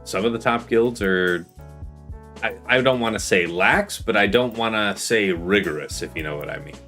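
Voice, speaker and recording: A man's voice: fairly low pitch, normal speed, fairly bright tone, soft background music. A man hosting a live gaming stream, chatting casually with guests while he plays. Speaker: streamer host.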